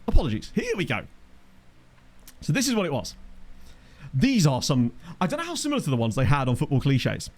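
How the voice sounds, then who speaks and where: Lively, chatty man streaming a game. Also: medium pitch. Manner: chatty, laughs often, reads out chat messages. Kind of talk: casual live-stream commentary. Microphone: USB desk microphone.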